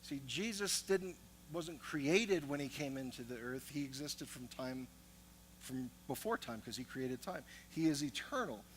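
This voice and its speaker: A man's voice: mid-range voice, lively intonation, unhurried, a little hiss or hum, poor audio. A man preaching a sermon as pastor, moving from storytelling to emphatic teaching.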